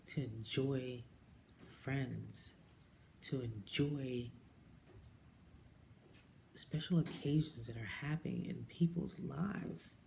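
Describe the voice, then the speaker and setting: A woman talking casually to camera, telling her own story and jumping up high when she quotes people. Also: gravelly, a little hiss or hum. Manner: animated storyteller who mimics people with high-pitched quotes and drops into whispers. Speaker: direct-sales jewelry consultant. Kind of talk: casual personal vlog monologue.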